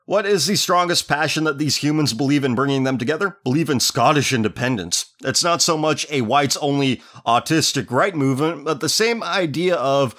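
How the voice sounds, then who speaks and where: A man's voice: a little high, lively intonation, a little fast, hardly any pauses, a bit bright. A man hosting a show, reading out a listener's letter and ranting over it in a sneering, profane, contemptuous way. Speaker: host.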